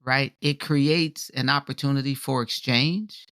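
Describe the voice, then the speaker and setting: A man co-hosting a podcast in casual talk, animated and filler-heavy, tagging his points with "right?". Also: medium pitch, a little slow, no room sound, studio quality. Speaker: podcast co-host.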